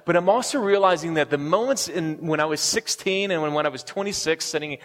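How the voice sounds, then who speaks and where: A man's voice: a little high, fast, hardly any pauses, a bit bright. A man in his forties preaching a sermon, telling his own story with many restarts and fillers. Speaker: pastor. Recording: long reverb of a large hall.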